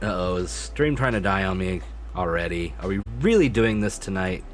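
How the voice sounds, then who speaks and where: A man's voice: low voice, animated, moderate pace. A man streaming live, chatting casually with his viewers, swearing freely and laughing often.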